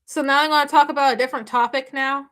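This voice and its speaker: A woman's voice: sits high, fairly even intonation, fast talker, a bit bright. A woman hosting a live stream, chatting casually with viewers in an emphatic, repetitive way and laughing often. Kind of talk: casual reaction chat with viewers.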